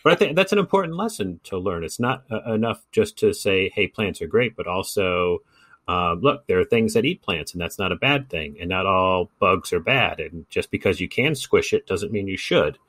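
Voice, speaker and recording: A man's voice: deep voice, expressive, moderate pace, fairly bright tone, dry recording. A middle-aged man co-hosting a gardening podcast, telling casual stories and often repeating words as he talks. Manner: storytelling, self-interrupting, repeats words. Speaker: podcast co-host. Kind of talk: casual chat.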